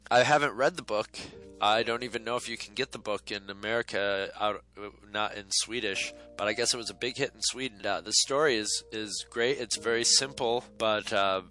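A man's voice: on the low side, moderate pace, sharp tone, faint music behind, rough recording. A man giving a casual, opinionated film review, blunt and sarcastic and swearing now and then. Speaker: movie reviewer.

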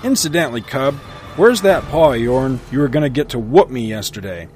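A man voicing a grim, scarred male western gunslinger with a gruff frontier drawl. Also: medium pitch, animated, a little fast, a little mellow, faint music behind, pitched above the performer's own voice, close to an everyday voice.

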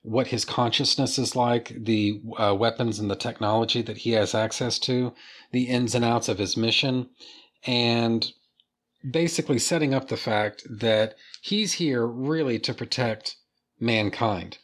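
A man gives a casual, excited comic book review, cursing freely and talking straight to his viewers. His voice sits at a middle pitch, relaxed and conversational. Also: measured pace. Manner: enthusiastic, casual, swears freely. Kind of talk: casual video commentary.

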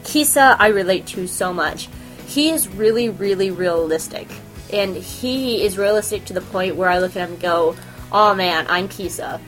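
A woman podcast host chatting in a casual, animated way, giggling and swearing as she gushes about her favorite shows. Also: medium pitch, normal speed, soft background music. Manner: animated, giggly, profane fangirl gushing. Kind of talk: casual chat.

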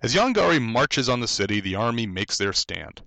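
A man's voice: mid-range voice, sing-song, moderate pace, vocal fry, pushed and bright, no room sound. A man hosting a podcast, casually recapping and reviewing an old giant monster film, chatty and digressive with frequent fillers and restarts. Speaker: podcast host.

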